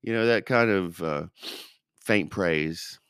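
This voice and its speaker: Man, podcast co-host, deep voice, dry close sound, measured hesitant talk. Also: a bit bright, clear, resonant tone, dry recording. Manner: measured, hesitant, many fillers. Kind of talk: casual discussion.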